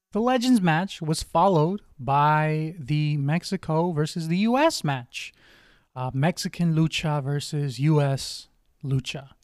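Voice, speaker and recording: A man's voice: on the high side, smooth, no room sound, studio quality. A young man hosting a podcast, casually reviewing wrestling matches, rambling with many ums and restarts. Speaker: podcast host.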